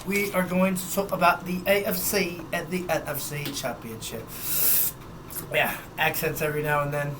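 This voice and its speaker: A man's voice: fairly high pitch, fairly even intonation, moderate pace, background noise. A young man hosting a sports podcast, running through scores and news in a loose, chatty way with some swearing. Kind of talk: casual sports news rundown.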